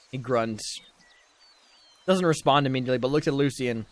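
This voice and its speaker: Guy running a tabletop game, middle pitch, rambles with lots of ums. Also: moderate pace, long pauses. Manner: loose, rambling narration with many fillers. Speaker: dungeon master.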